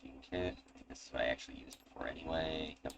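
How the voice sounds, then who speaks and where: Low-pitched male game master, casual joking delivery, noisy home recording. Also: fast talker, creaky. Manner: casual, swearing, laughing asides. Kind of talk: narrating a tabletop game.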